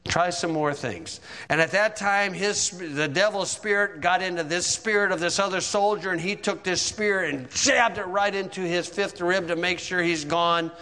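Bright-voiced preacher in a reverberant hall. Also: male voice, high-pitched, fairly even intonation, moderate pace, hardly any pauses. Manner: vivid dramatic storytelling. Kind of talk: sermon.

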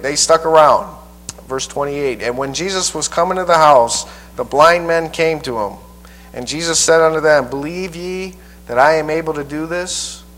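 A man preacher teaching a Bible passage verse by verse in a folksy, halting way, often repeating his words. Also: fairly high pitch, a bit bright, low-quality recording.

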